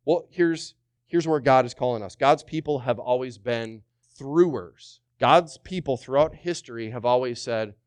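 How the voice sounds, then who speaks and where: A man's voice: medium pitch, unhurried, no echo. A man preaching a sermon as pastor, repeating key words for emphasis and putting rhetorical questions to the congregation.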